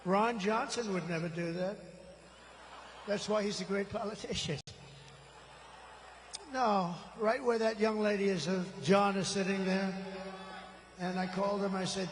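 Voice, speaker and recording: A man's voice: sits high, a little slow, pauses often, long reverb tail, a little hiss or hum, rough recording. A man in his seventies giving an off-the-cuff, rambling, boastful campaign rally speech into a stage microphone. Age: 70s. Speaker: political candidate. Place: large rally venue.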